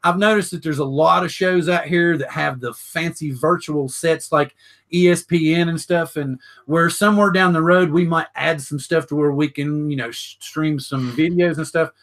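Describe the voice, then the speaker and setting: Older guy hosting a drone show chat, bright voice a bit high, rambles with lots of ums. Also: fairly even intonation, moderate pace. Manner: rambling, many fillers and restarts. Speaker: show host. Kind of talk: casual live show chat.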